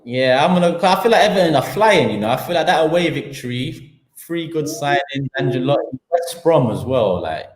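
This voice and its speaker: A man's voice: on the high side, animated, normal speed, hardly any pauses. A man with a London accent hosting a live football talk show, slangy and heated as he piles up his points. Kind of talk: live-stream football rant. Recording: echoey room.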